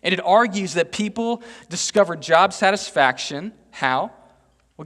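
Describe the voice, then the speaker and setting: A man's voice: sits high, a bit bright. A male pastor from Texas giving a chatty, self-mocking sermon, often tossing "right?" to the congregation. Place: church sanctuary. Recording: echoey church hall.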